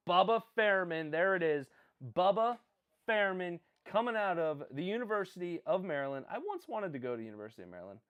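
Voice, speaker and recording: With a clean, fairly bright voice on the high side, this livestream host reacts to picks in a relaxed, rambling way. He cracks jokes, pokes fun at himself, and chats back with his viewers.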